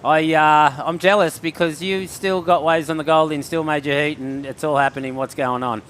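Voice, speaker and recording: A man's voice: fairly high pitch, steady tone, normal speed, fairly bright tone, slight background noise. A man with an Australian accent commentating surf, telling long, loose stories with many fillers and laughs. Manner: rambling, laughing storyteller. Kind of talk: casual on-air storytelling.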